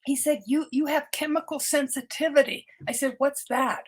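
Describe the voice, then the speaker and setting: A woman's voice: high voice, steady tone, moderate pace. An older woman, a doctor, telling her personal story as a podcast guest, earnest and often repeating words as she restarts her sentences.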